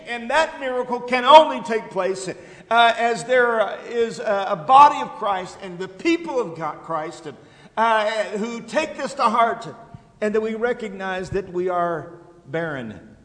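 Male pastor, high voice, halting repetitive sermon delivery, echoey reverberant church hall. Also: animated, fairly bright tone. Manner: halting, repeats words, fills with uh. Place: church sanctuary.

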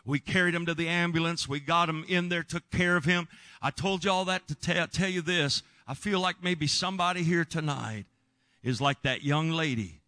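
Man, preacher, earnest, emphatic, bright tone, dry sound. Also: fairly high pitch, moderate pace, no room sound. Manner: earnest, emphatic, shouts when reliving moments. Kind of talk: sermon storytelling.

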